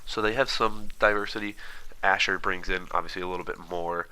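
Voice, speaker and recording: A man with a low, deep voice and a crisp, bright edge talks through a roster breakdown in a casual, unscripted way. He speeds up and rambles, filling gaps with "uh" and "um" and restarting his sentences. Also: steady tone, rough recording. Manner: fast, rambling, many fillers and restarts. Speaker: esports commentator. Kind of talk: casual analysis while watching footage.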